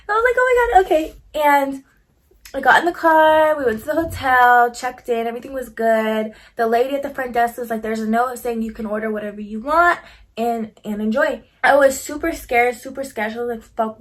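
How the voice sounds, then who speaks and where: A woman's voice: on the high side, a bit bright. Chatty young woman telling a story. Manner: chatty, heavy use of "like", swearing, quoting herself. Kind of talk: casual storytelling.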